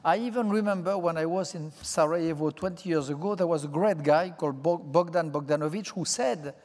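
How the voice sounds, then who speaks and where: An older man whose first language is French, speaking English with a French accent as a guest on stage in a large auditorium, slowly searching for his words. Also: a little high, a little mellow. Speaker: interview guest. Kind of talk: public onstage conversation. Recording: hall reverb from a stage.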